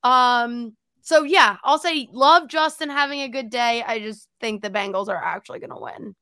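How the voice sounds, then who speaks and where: A woman co-hosting a casual football podcast, chatty and quick to laugh, with lots of "like". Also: on the high side, bright, forceful tone, smooth, dry recording. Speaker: podcast co-host. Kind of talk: casual sports chat.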